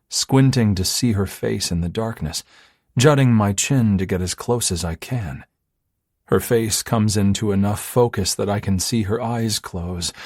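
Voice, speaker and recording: A man narrating a romance audiobook in the first person, expressive and intimate in his storytelling. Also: on the low side, dry recording, clean studio sound.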